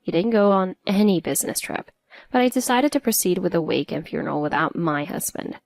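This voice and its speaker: A woman's voice: fairly low pitch, animated, a little fast, vocal fry, no echo. A woman narrating a first-person story in an earnest, emotional way.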